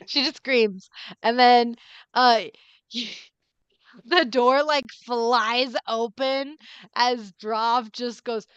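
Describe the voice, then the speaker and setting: Clear-voiced woman game master. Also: a little high, drawn-out words, pauses often, dry recording. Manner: giggly, relaxed narration. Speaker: dungeon master. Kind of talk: narrating a tabletop game. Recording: dull, muffled stream audio.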